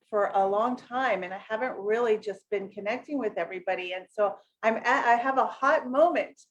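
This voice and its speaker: A middle-aged woman from the United States hosts a casual live session as a business coach, rambling with lots of fillers and self-corrections and greeting viewers by name. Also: a little high. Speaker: network marketing coach hosting a live session. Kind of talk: casual livestream talk to viewers.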